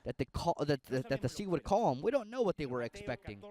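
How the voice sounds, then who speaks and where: A man delivers a sermon in an animated, playful way. His voice sits a little high and swoops widely between registers. He slips into comic impressions as he preaches. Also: fairly quick.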